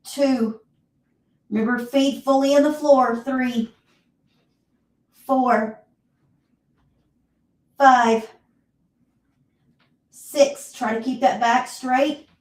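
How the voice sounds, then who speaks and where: A woman with a Southern US accent leading a live exercise class, counting reps and giving steady cues, heard from a distance in an echoey room. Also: sits high, extremely slow, long pauses. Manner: counts reps aloud, encouraging cues, clears throat often. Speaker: fitness instructor. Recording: roomy echo, voice from far off.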